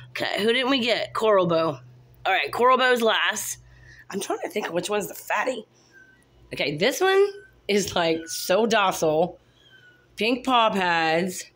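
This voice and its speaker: A woman's voice: mid-range voice, slight background noise. A woman, chatting casually as she shows her kittens one at a time and coos at them in baby talk, filmed on a handheld phone. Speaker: cat breeder showing kittens. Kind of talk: casual kitten showcase vlog.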